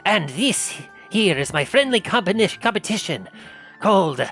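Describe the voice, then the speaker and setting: A man voicing a fussy, excitable male gnome who runs a game of fighting toys, talking like a showman. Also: high voice, normal speed, soft background music, voice pushed up. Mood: showy. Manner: showman, grandly thanking and welcoming.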